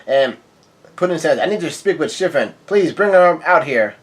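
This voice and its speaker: A man with a slightly high voice reads comic panels aloud in an offhand way. He quotes characters flatly, trips over words and corrects himself. Now and then he breaks off to react in surprise. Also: moderate pace. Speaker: manga reaction reader. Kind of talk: casual reading and reacting.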